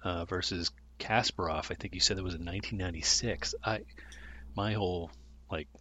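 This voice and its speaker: Very deep-voiced male co-host, halting casual chat. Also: steady tone, sharp tone. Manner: hesitant, many fillers and restarts, self-deprecating. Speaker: podcast co-host.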